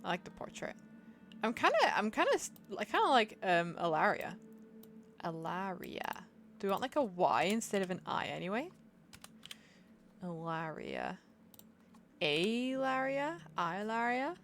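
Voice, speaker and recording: A woman's voice: mid-range voice, very animated, moderate pace, a bit bright, slight background noise. A chatty, giggly woman, musing aloud as she streams herself playing a game. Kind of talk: casual live-stream chat while gaming.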